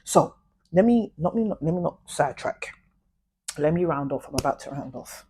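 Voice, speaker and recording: A young woman, talking straight to her viewers in a casual, animated storytime full of slang. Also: sits low, normal speed, slight background noise. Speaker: vlogger.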